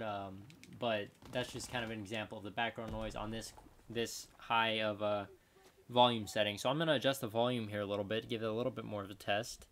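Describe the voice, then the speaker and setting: A man's voice: mid-range voice, a bit bright. Casual rambling man testing a desk mic. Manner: rambling, filler-heavy, self-correcting. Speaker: gaming channel host reviewing a microphone. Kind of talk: casual gameplay commentary. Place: home gaming setup. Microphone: desk USB condenser microphone, distance changing.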